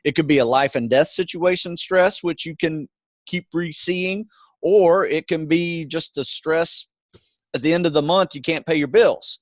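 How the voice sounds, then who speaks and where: A middle-aged man co-hosting a podcast, explaining things in a relaxed, casual way and often adding "you know" and "right". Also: a little high, unhurried, no room sound. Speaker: podcast co-host.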